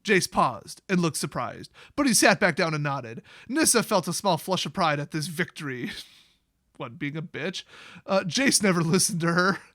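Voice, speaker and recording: A man's voice: a little high, lively intonation, moderate pace, bright, forceful tone, dry recording, clean studio sound. A young man giving a sarcastic, rambling comedic recap of a fantasy story, swearing casually as he goes. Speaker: YouTube lore host.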